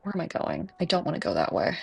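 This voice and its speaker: Rambling casually on a gaming stream, this Midwesterner with a Chicago accent fills the chatter with ums and self-aware laughter. His mid-range voice swings hugely in pitch, runs fast and sounds gravelly, with slight background noise. He's using earbuds and a desk mic.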